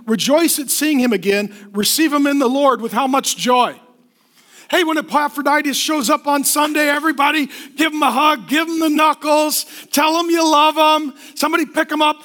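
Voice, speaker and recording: High-voiced joking male pastor preaching. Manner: energetic, joking, asks the congregation for call-and-response. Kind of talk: sermon.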